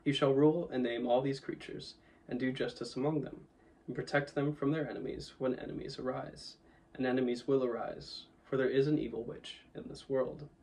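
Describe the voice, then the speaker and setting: A man's voice: mid-range voice, steady tone, darkish tone, recorded from a distance, close to an everyday voice, poor audio. Aslan, a solemn lion voiced by a man. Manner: solemn, measured. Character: wise, commanding great male lion.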